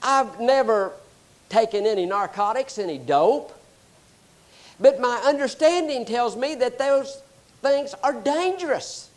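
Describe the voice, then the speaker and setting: A man preaching a sermon, explaining scripture and telling animated stories. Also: very high voice. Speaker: pastor.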